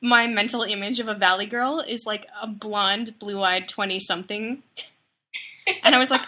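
A woman from Canada talks with an old friend in a relaxed, chatty way and laughs often. Her voice sounds bright and her pitch sits in the middle. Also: moderate pace. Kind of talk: casual chat between friends.

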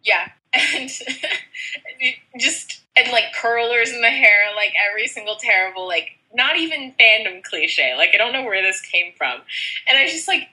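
A woman from the States tells a story to a friend in easy, casual chat. Her voice is very bright and her pitch jumps all over. She laughs often and leans on "like" as she talks. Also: animated, measured pace, low-quality recording. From United States.

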